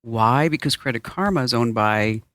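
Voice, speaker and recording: A man's voice: mid-range voice, animated, moderate pace, a bit bright, no echo, studio quality. A man co-hosting a podcast in casual chat, talking loosely with lots of fillers. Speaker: podcast co-host.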